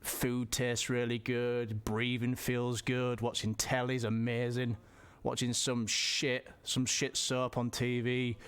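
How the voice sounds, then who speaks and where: A man telling a personal story in a halting way, often repeating words and restarting. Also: medium pitch, a bit bright. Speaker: vlogger.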